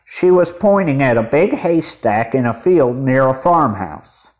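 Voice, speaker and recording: Slow, deliberate male storyteller. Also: mid-range voice, animated. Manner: measured, deliberate. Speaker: narrator. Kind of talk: children's storybook reading.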